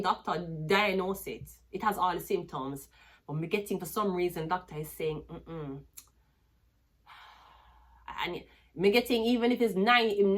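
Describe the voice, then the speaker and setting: A woman with a Jamaican accent, a tarot reader talking to camera in a rambling, casual monologue full of restarts. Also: medium pitch.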